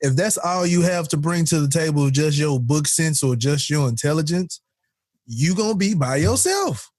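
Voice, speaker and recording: A man co-hosting a casual podcast, telling stories with lots of laughter and acted-out quotes. His voice sits a bit high for a man. The sound is dry and close. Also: moderate pace, no echo. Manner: animated storytelling, laughs often, acts out quotes. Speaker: podcast co-host. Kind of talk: casual chat.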